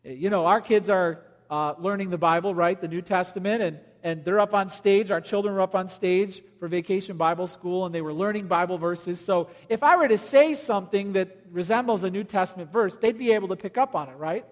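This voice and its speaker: A man preaching a sermon as pastor, swinging between loud emphasis and quiet, low lines. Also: fairly quick, few pauses, long reverb tail.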